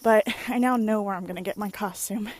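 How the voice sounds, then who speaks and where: A young woman talks straight into a phone camera in a casual vlog, rambling from one thought to the next. She gets lively and animated when she tells a story, with lots of "like"s and playful exclamations. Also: medium pitch, a little fast, dry recording. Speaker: vlogger. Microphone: phone or webcam at arm's length.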